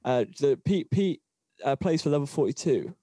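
A man's voice: medium pitch, animated, moderate pace, warm tone, no room sound. A young British man, a touring musician, telling a rambling anecdote in casual chat, repeating words as he goes. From Britain.

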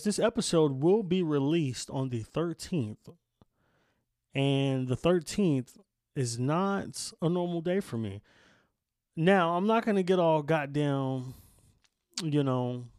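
A man's voice: medium pitch, a little mellow, no room sound, studio quality. A young man hosting his own podcast in casual, rambling chat, slangy and candid. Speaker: podcast host. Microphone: camera setup with a close mic.

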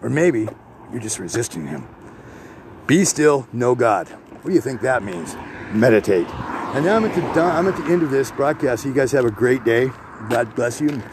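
A man's voice: mid-range voice, very animated, brisk. A man hosting a podcast, walking outdoors, preaching in a blunt, profane, rambling monologue with a congested, drippy voice. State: congested, coughing from sinus drip. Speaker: podcast host. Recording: faint street and vehicle noise.

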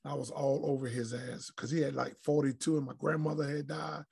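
Brisk and medium-pitched, his voice carries vocal fry and a breathy edge. The middle-aged man is a former pro basketball player on a podcast, swapping crude, frank, animated stories in a casual interview.

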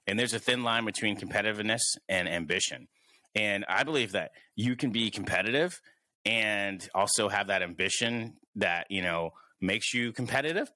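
A man's voice: fairly low pitch, normal speed, pushed and bright, dry recording. A man hosting a casual podcast, thinking aloud with many restarts. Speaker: podcast host.

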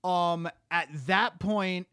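Young male co-host, high pitch, dry booth sound, loose profane storyteller. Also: fairly even intonation, drawn-out words, bright, forceful tone, smooth, no room sound. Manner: rambling, profane, restarts a lot while storytelling. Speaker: podcast co-host. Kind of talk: casual chat retelling a horror movie.

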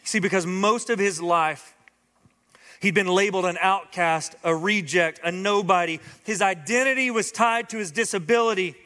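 A man's voice: high voice, normal speed, pushed and bright. A man preaching a sermon as pastor, impassioned and building to urgent, emphatic appeals to his congregation. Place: church sanctuary. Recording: long hall reverb from church sanctuary.

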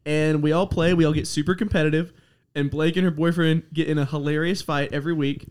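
A man's voice: fairly high pitch, little pitch movement, a little fast, a little mellow, clear, resonant tone. A man in his twenties hosting a casual podcast, teasing his guests and laughing often. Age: 20s. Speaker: podcast host. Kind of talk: casual chat.

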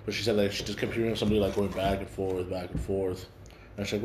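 A man's voice: on the low side, little pitch movement, quick pace, a little mellow, a little hiss or hum. A young man hosting a casual chat, telling stories in a slangy, profane way full of fillers. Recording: echoey room.

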